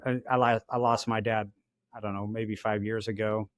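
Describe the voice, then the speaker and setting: A man hosting a podcast, speaking in a reflective, soft-spoken way and sounding a little choked up. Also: on the low side, flat delivery, moderate pace, clean tone, no room sound, studio quality. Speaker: podcast host. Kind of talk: casual interview chat.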